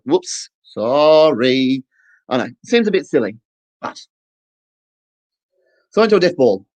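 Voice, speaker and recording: A man's voice: fairly high pitch, poor audio. A man doing a stand-up comedy set to camera, chatty and playful, acting out little scenes.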